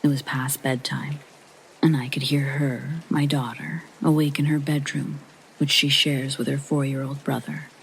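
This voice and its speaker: A narrator reading a first-person paranormal story in a soft whispered sleep-story style, with a breathy half-whisper. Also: mid-range voice, little pitch movement, normal speed, a little hiss or hum, low-quality recording.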